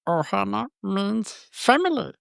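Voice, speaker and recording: A man voicing a small cartoon alien creature in a high, squeaky put-on voice. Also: big pitch swings, a little slow, creaky, fairly bright tone, smooth, no room sound, studio quality, heavily acted. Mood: playful.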